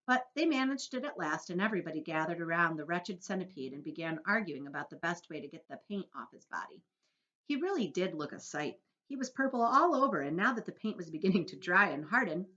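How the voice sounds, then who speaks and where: A woman's voice: lowish voice, lo-fi sound. A woman teacher reading a children's book aloud to her class, telling it expressively. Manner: expressive storytelling.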